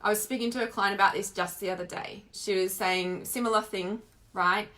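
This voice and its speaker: An Australian woman giving a casual, chatty spiritual teaching talk, expressive and full of filler words. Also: mid-range voice, a little fast.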